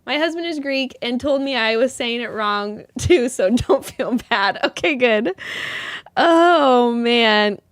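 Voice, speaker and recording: A woman hosting a live yarn show in casual chat, bubbly and quick to laugh at herself, rambling with lots of restarts. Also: fairly high pitch, expressive, no echo.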